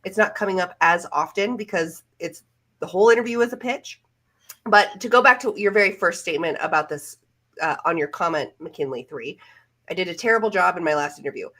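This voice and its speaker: A woman's voice: fairly low pitch, animated, fairly quick, a bit bright. A woman career coach co-hosting a live-stream Q&A, giving reassuring, practical interview advice. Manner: reassuring, advisory.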